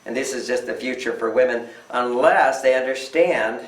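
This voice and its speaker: An older man talks with firm emphasis, answering questions as a relationship author. His voice is gravelly. He sounds far from the mic in an echoey room. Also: medium pitch, moderate pace, background noise. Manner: emphatic, acts out quoted voices. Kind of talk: interview answers.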